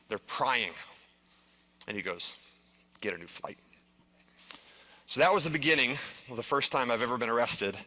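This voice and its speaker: A man's voice: medium pitch, bright, forceful tone. A middle-aged man speaking earnestly to a live audience, telling a personal story with frequent restarts and filler words. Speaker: conference speaker. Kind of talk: live stage presentation.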